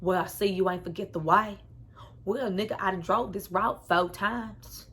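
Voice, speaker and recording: A woman's voice: mid-range voice, normal speed, fairly bright tone, breathy edge. A woman voicing a young Southern man in a teasing drawl with a Southern US accent.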